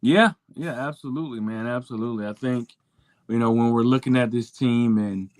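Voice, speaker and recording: A man's voice: medium pitch, a little fast, darkish tone, dry recording. A man hosting a sports talk show, talking casually with lots of fillers and restarts.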